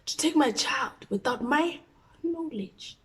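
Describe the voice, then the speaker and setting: A furious middle-aged mother, as a woman puts her on, yelling and scolding a teenager. Her voice jumps up high and shrill with every scolding line, loud and sharp. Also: lively intonation, slow, recorded from a distance. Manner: shrill, scolding, mixing languages.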